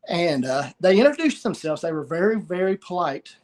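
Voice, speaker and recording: A middle-aged man with a rather high, sing-song voice and a darkish tone shares a personal story as a guest in an interview. His delivery is halting, and he keeps repeating words and short phrases.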